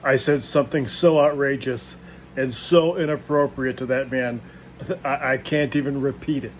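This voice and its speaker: A man's voice: medium pitch, fairly even intonation, moderate pace, a little hiss or hum. A man in his fifties telling a rowdy comic story in a rambling, casual way and chuckling often as he goes. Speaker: former roadie telling tour stories. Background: music playing under the voice.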